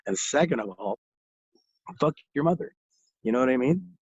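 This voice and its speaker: A young man tells a rowdy, profane story as a podcast guest, laughing as he goes. His voice is husky and sits in a middle pitch. The sound is dry and somewhat muffled, like a lo-fi recording. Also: animated, moderate pace, a little mellow, no echo. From Ontario, Canada. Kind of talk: casual storytelling.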